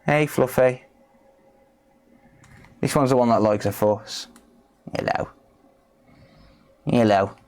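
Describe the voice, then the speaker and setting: A man's voice: mid-range voice, takes it slowly, pauses often, darkish tone. A man with a British accent chatting casually on a repair livestream, coaxing and playful. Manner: chatty, coaxing, talks to pets with playful asides. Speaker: repair streamer.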